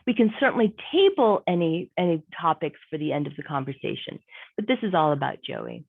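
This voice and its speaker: A woman's voice: low voice, very animated, brisk, creaky, husky. A woman career coach giving an online workshop presentation, conversational and emphatic, repeating her key points. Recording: tinny phone-like audio.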